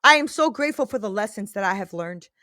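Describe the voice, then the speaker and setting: A woman's voice: mid-range voice, animated, fast, pushed and bright, no echo, clean studio sound. A woman in her thirties hosting a faith-based podcast, talking casually and earnestly, often checking in with "right?". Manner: earnest, emphatic, often tag-asks "right?". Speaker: podcast host.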